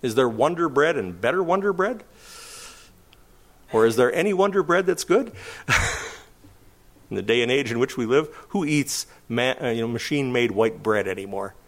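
A man's voice: medium pitch, animated, moderate pace, long pauses. A man preaching a sermon, asking rhetorical questions and chuckling now and then. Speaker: pastor.

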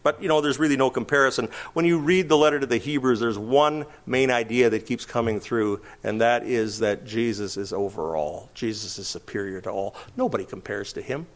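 A man's voice: mid-range voice, brisk, hardly any pauses. A man preaching a sermon, asking rhetorical questions and chuckling now and then. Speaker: pastor.

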